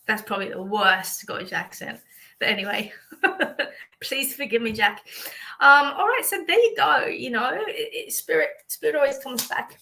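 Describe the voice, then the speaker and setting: Aussie psychic lady doing a live reading, bright voice w a bit of fry, lots of ums. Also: high-pitched, expressive, moderate pace, low-quality recording. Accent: Australian. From Australia. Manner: chatty, warm reassurance, many fillers. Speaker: psychic medium. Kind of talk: livestream reading for viewers.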